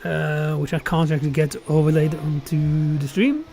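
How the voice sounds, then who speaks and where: Slightly high-voiced man commentating a racing stream. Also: flat delivery, moderate pace, vocal fry, a little mellow, slight background noise. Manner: casual, thinking aloud with self-corrections. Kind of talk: live racing game commentary.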